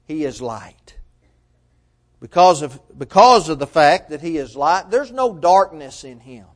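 Slow, emphatic high-voiced preacher man. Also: very animated. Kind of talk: sermon.

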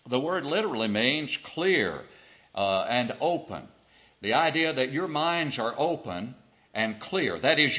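Bright-voiced male preacher. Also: medium pitch. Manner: deliberate, asks rhetorical questions. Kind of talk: expository sermon.

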